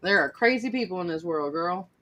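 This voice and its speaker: A woman's voice: lowish voice, expressive, a little fast, crowd noise. A woman in her forties with a Southern US accent, hosting a live online chat from home, talking chattily and laughing often. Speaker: live show host. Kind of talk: casual chat.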